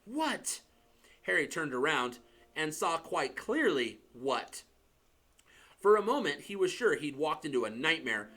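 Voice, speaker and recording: Guy reading a story aloud, very lively pitch, kinda high. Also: unhurried. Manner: expressive, dramatic storytelling. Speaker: narrator. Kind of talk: audiobook reading.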